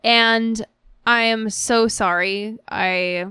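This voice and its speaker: A woman's voice: on the high side, fairly even intonation, drawn-out words, bright, forceful tone, clean tone, dry recording, clean studio sound. A woman co-hosting a casual podcast, giggly, playful and a little apologetic. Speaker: podcast co-host. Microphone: studio mic.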